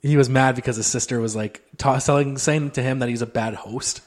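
A man's voice: medium pitch, fairly even intonation, brisk. A man co-hosting a casual podcast, rambling in an easygoing way and swearing now and then. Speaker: podcast co-host. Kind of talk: casual chat.

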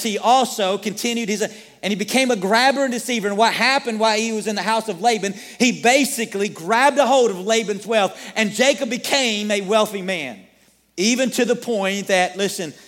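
High-voiced preacher in a reverberant hall. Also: male voice, a bit bright. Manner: storytelling preacher who asks the listeners rhetorical questions. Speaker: pastor. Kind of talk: sermon. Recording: long reverb of a large hall.

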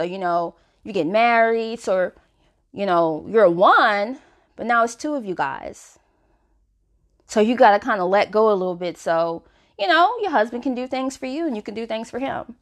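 A woman hosting a self-help podcast, talking frankly and casually with lots of "you know" fillers. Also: medium pitch. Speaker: podcast host.

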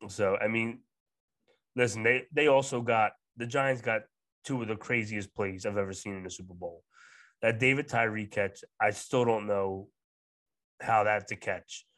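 Lower-voiced man, blunt podcast co-host. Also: steady tone, normal speed, a bit bright, no room sound. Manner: blunt, opinionated, rambling with fillers. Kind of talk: casual chat.

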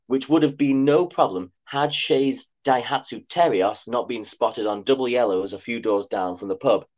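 A man reading his own comic story aloud with dry, wry asides. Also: medium pitch. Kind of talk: comic scripted narration.

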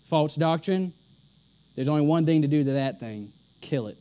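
Male preacher, high-pitched voice, emphatic and repetitive delivery, sermon style. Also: expressive, moderate pace, mellow, clean tone. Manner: emphatic, repeats lines for stress.

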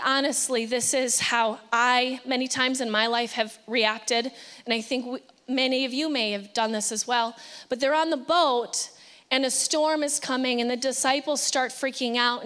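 A woman pastor preaching a sermon with passion, sometimes acting out anxious pleas and dropping to a hushed voice. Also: fairly high pitch, long reverb tail.

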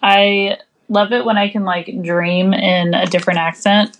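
A woman's voice: mid-range voice, fairly even intonation, a little slow, a little hiss or hum. An American woman co-hosting a casual podcast. She talks loosely and chattily, filling her sentences with "like" and laughing often. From United States. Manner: chatty, lots of "like" fillers, laughs easily. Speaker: podcast co-host. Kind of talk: casual chat.

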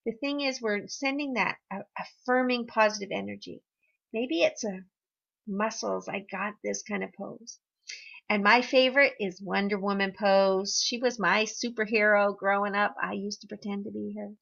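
A woman hosting a podcast, guiding listeners through an affirmation exercise in a gentle, encouraging way with a few fillers. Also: mid-range voice, fairly even intonation, moderate pace, gravelly, muffled recording. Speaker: podcast host, wellness guide.

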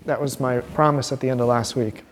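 A man teaching an informal Bible class as a pastor, earnest and animated, acting out quotes and restarting his sentences. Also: medium pitch, a little fast, in a large hall, slight background noise.

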